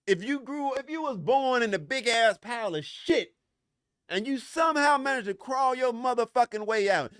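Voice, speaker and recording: Heated, high-voiced man ranting on a podcast. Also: animated, moderate pace, a bit bright, clear, resonant tone, dry recording, studio quality. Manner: profane, heated and confrontational, with frequent stammered restarts. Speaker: podcast host. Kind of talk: solo podcast rant.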